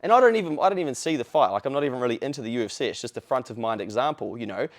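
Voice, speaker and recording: A man's voice: medium pitch, rapid-fire. A man hosting a podcast, ranting in a casual, blunt, profane way. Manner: blunt and profane, with animated quoted voices. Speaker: podcast host. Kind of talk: casual opinion rant.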